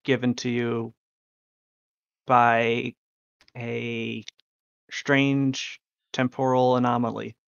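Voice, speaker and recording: A game master narrating a tabletop game in an earnest, deliberate way. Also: mid-range voice, level tone, creaky, clear, resonant tone, no echo, dull audio.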